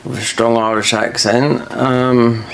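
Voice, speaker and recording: A man's voice: mid-range voice, little pitch movement, takes it slowly, gravelly. A man chatting casually while he plays a video game, rambling through stories with many fillers and restarts. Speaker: gaming streamer.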